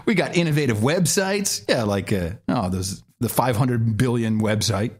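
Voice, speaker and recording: A middle-aged man co-hosting a political podcast, mocking clips with sarcastic, animated remarks. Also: mid-range voice, normal speed, slightly rough. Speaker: podcast co-host. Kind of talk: casual political commentary.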